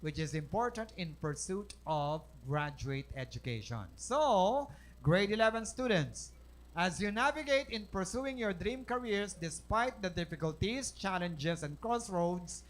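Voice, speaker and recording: This is a speaker with a Filipino accent giving a seminar lecture to high school students in a school hall. The delivery is animated, with quick questions to the class that the speaker then answers. The voice sits at a middle pitch. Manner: animated, asks the class questions and answers them, mixes English and Tagalog.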